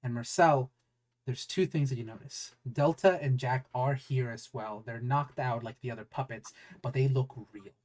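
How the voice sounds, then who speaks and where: A man's voice: medium pitch, moderate pace, a little mellow. A man narrating as game master of a tabletop game, rambling and searching for words with many fillers.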